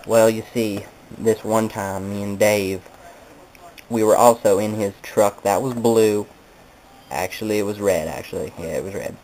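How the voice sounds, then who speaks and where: Slow, low-voiced man telling rambling tales. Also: a little mellow, a little hiss or hum, low-quality recording. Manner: meandering, self-correcting, mock-nostalgic. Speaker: comedic storyteller. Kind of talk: rambling comedic monologue.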